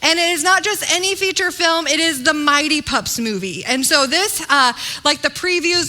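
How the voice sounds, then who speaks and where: A woman pastor in her thirties gives a sermon, telling a personal story in an animated, chatty way. Her voice sits high and sounds bright and clear. She talks loosely, with plenty of fillers. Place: church.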